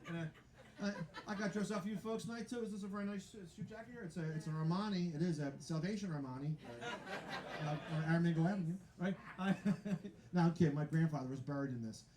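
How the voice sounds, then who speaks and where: Male stand-up comic, high voice, rambling self-mocking delivery, laughs at his own jokes, roomy live venue sound. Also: quick pace, a crowd in the background. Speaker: stand-up comedian. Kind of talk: stand-up comedy set. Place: live comedy venue with audience.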